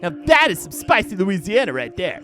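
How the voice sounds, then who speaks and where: Brash, abusive film director in a video game , a man putting him on, high and bright, pitch swinging wildly. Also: wildly swooping pitch, fairly quick, faint music behind, full character voice. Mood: rude. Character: abrasive male film director, crude and arrogant.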